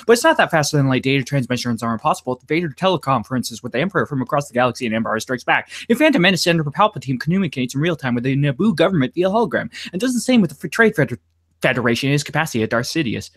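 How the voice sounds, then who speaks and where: A man on a casual podcast, joking crudely and rushing through an article. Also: medium pitch, a bit bright. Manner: crude, joking, rushed reading. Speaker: podcast guest. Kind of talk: casual podcast chat, speed-reading an article.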